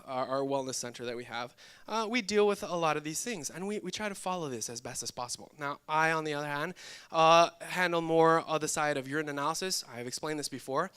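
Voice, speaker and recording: A young man preaching a sermon to a church audience, talking in a lively, joking way and teasing his listeners. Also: a little high, clear, resonant tone. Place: church hall with live audience.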